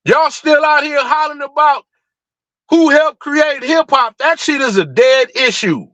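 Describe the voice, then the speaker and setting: A man's voice: very high-pitched, measured pace, fairly bright tone, no echo, low-quality recording. A man hosting a livestream, ranting in a fired-up, blunt and profane way, full of rhetorical questions. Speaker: livestream host. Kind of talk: heated livestream rant.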